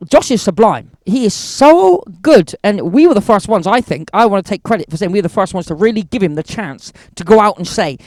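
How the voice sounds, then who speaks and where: A man's voice: sits high, animated, brisk, few pauses, darkish tone, no room sound. A man talking as a guest in a casual interview, rambling and enthusiastic, full of restarts. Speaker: wrestling promoter, guest.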